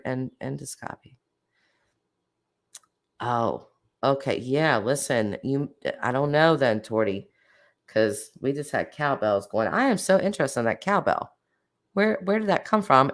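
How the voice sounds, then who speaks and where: A woman hosting a casual livestream, chatting animatedly with her viewers and laughing often. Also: a bass voice. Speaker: livestream host.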